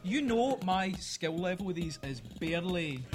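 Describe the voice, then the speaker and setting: A man's voice: high-pitched, animated, normal speed, over music. A man co-hosting a podcast live before an audience, running a quiz segment with lots of self-deprecating laughter and filler words. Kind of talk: casual live podcast chat.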